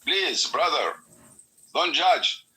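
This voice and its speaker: Bright-voiced man arguing in broken English. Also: fairly high pitch, expressive, rough recording. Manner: broken, halting English, argumentative and pleading. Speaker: debate participant. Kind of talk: heated live debate.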